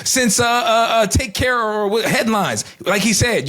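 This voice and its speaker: A man's voice: sits high, animated, unhurried, hardly any pauses, fairly bright tone. A man co-hosting a podcast, blunt and teasing in a slangy, casual way. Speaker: podcast co-host. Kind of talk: casual chat.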